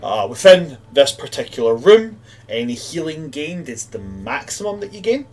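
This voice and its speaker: A man's voice: fairly high pitch, very animated, moderate pace, darkish tone, soft background music. A man narrating and running a tabletop fantasy game as game master, rambling casually with lots of fillers.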